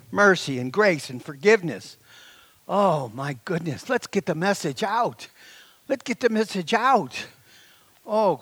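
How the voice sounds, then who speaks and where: A middle-aged man preaching a sermon as pastor, exclaiming and laughing, swinging between loud declarations and hushed asides. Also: high-pitched, slightly rough, no echo.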